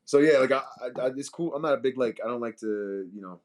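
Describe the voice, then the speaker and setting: A young adult man, a fighter, talking casually in an interview over a video call, relaxed and slangy, laughing often. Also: medium pitch, quick pace. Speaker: UFC welterweight fighter.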